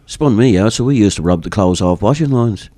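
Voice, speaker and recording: A man's voice: lowish voice, lively intonation, a little fast, mellow, dry recording. A man from Ireland interviewing a guest on the radio, chatting in a friendly, agreeable way.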